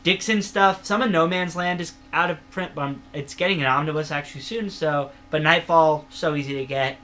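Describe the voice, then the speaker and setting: A man's voice: a little high, fairly quick, bright, forceful tone, a little hiss or hum. A man co-hosting a casual podcast chat, talking with eager enthusiasm and rambling through fillers and restarts. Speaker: podcast co-host. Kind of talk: casual chat about comics.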